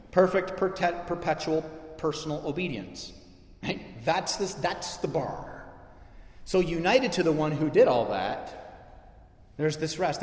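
A middle-aged man preaching to his church, conversational yet impassioned, driving points home with repetition. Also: on the high side. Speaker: pastor. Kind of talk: sermon. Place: church sanctuary. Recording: echoey hall with long reverb.

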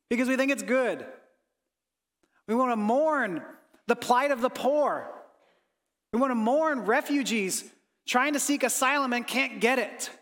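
This pastor has a notably high voice and preaches with earnest feeling, hushing softly on reflective lines and rising as he pleads in prayer. His words trail off in a long reverberant tail typical of a church sanctuary.

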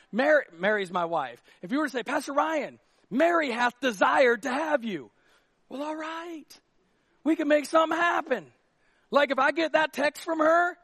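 A man's voice: extremely high pitch, no echo, clean studio sound. A man, a pastor, preaching a casual, humorous sermon and acting out little scenes. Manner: animated, jokey, acts out quotes.

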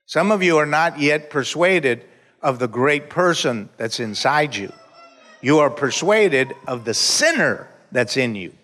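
Male pastor, slightly high voice, slow deliberate sermon delivery with shouted peaks, long church-hall reverb. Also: animated. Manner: preaching with call-and-response, bursts into shouts.

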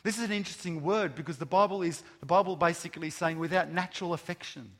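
A man delivers a sermon in a somewhat higher voice than most men. He leans on rhetorical questions and slows down to stress each word of a list. A long hall reverb trails behind every phrase. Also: fairly bright tone. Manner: emphatic, rhetorical questions, slow stressed lists of words. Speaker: pastor. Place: large room with an audience.

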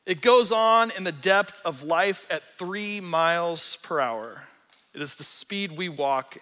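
A man's voice: on the high side, bright, forceful tone. A man in his forties preaching a sermon as a pastor, casual and storytelling, with self-deprecating humor. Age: 40s. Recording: reverberant hall.

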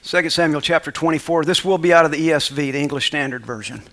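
A man's voice: on the high side, quick pace, fairly bright tone. A male pastor preaching a sermon to a congregation, reading scripture aloud and calling for responses. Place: church sanctuary with congregation.

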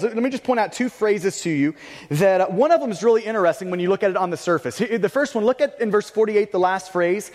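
High-voiced man preaching in a reverberant hall. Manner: conversational preaching, restarts and stumbles, bursts of raised emphasis. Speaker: pastor. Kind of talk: sermon.

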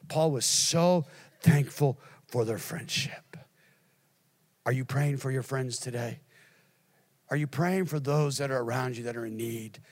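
A middle-aged pastor preaches a sermon in a medium-pitched voice, swinging between hushed, near-whispered lines and loud, emphatic preaching.

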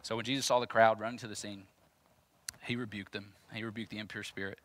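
A man's voice: on the low side, little pitch movement, quick pace, fairly bright tone. A man pastor preaching a sermon in an emphatic, repetitive, conversational way.

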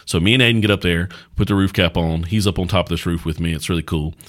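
A middle-aged man with a deep, low voice talks casually on a podcast. He tells folksy stories as a pastor and host, in a relaxed conversational way. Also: quick pace.

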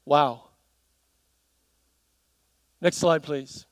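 A man's voice: on the high side, extremely slow, no room sound, rough recording. A man preaching a sermon in a church, telling stories and asking the congregation questions. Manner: animated storytelling with audience questions.

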